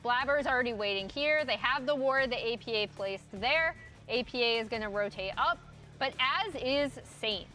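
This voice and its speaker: Casting: high, bright female desk analyst walking through plays briskly. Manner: quick, explanatory walkthrough.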